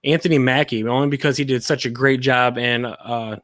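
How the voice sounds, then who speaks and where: A man appearing as a guest on a movie podcast, easygoing and modest as he gives his picks. His voice is at a middle pitch, recorded dry and close. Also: steady tone, a little fast, fairly bright tone, no room sound. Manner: laid-back, modest. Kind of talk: casual chat.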